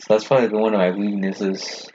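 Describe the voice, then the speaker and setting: A young man co-hosting a casual podcast chat, talking fast and rambling with lots of fillers and swearing. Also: on the low side, flat delivery, crowd noise. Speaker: podcast co-host. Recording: dull lo-fi sound with faint noise.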